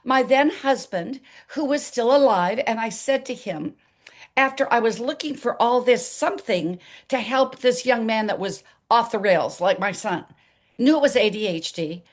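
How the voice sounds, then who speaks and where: An older woman as an interview guest, telling her story in an animated way and acting out the dialogue. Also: a little high, moderate pace.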